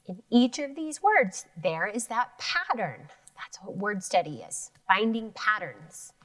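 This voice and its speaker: A woman's voice: mid-range voice, sing-song, unhurried, a bit bright. A woman teaching an elementary phonics lesson, sounding out words syllable by syllable.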